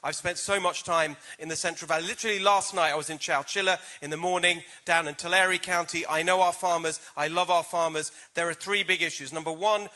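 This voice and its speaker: A man with a noticeably foreign accent delivers a campaign debate answer in a brisk, emphatic way. His voice sits fairly high and sounds very bright and sharp, cutting through the room. He punches his points with rhetorical questions. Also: steady tone. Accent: foreign accent in American English. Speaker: political candidate.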